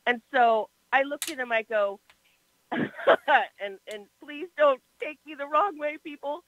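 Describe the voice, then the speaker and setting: A woman telling a story on a talk show, animated and expressive, with a bright, forceful voice. Her level swings from loud to soft. The sound is dry and a bit dull. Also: sits high, slow, no echo.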